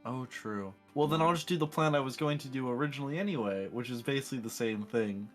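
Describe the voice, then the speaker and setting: A man playing a tabletop game, explaining his plan in a relaxed, chatty way. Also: medium pitch, fast, faint music behind. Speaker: player. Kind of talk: casual tabletop play.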